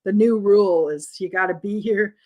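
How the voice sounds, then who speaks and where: A woman's voice: mid-range voice, normal speed, darkish tone. A middle-aged woman hosting a live vintage sale, chatting with viewers and calling out prices and lot numbers. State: has the hiccups.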